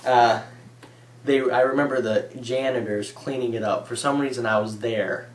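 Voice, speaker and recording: A man's voice: mid-range voice, fairly even intonation, normal speed. Young guy rambling thru old school stories, lots of "like", echoey room. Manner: rambling, filler-heavy, says "like" a lot. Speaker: vlogger. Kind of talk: casual storytelling to camera.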